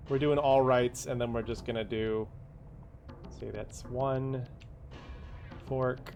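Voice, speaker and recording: A man's voice: medium pitch, fairly even intonation, slow, creaky, darkish tone, soft background music. A man casually commenting while playing a video game, muttering directions to himself with sudden surprised exclamations. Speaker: gaming streamer. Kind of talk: casual let's-play commentary.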